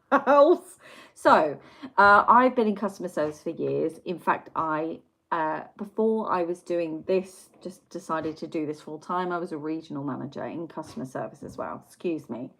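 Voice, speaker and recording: A woman's voice: deep voice, normal speed, fairly bright tone, rough recording. A woman hosting a casual livestream, reading chat and rambling through stories with plenty of swearing. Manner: chatty and rambling, swears freely, tangents.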